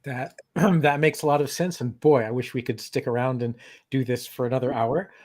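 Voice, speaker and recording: A man hosting an interview, halting with frequent ums and self-deprecating laughs. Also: mid-range voice, fairly even intonation, a little mellow. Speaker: podcast host. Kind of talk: casual interview.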